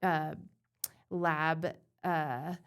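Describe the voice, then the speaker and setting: A woman guest on a podcast who talks about bodywork in an earnest, animated way, full of "like" fillers. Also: deep voice, drawn-out words, clean tone. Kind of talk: casual conversational podcast.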